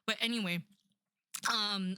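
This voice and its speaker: Young woman ranting about a book, bright tense voice, rambly, sarcastic, lots of likes and ums. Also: mid-range voice, fairly even intonation, takes it slowly, clean tone, no room sound, studio quality. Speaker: book reviewer. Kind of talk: casual rant about a book.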